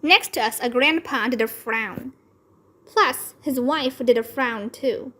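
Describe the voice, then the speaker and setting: A woman narrating a children's book aloud in an expressive, deliberate storytelling manner. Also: on the high side. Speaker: read-aloud channel host.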